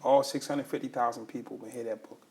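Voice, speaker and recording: A man's voice: mid-range voice, steady tone, fast, a little mellow. A man hosts a podcast in a conversational way, with a mid-range voice. He cheers his guest on with upbeat encouragement. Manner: encouraging, hype-man energy. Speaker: podcast host. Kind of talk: conversational interview.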